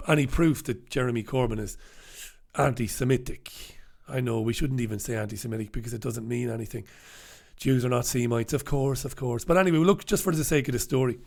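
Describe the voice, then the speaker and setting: A man's voice: mid-range voice, creaky. A man hosting a newspaper review in a casual, sarcastic, blunt and profane commentary style, with mocking asides.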